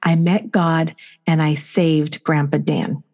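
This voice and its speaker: A middle-aged woman hosting a casual spiritual podcast chat, telling a family story with animated energy. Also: low voice, takes it slowly. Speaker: podcast host.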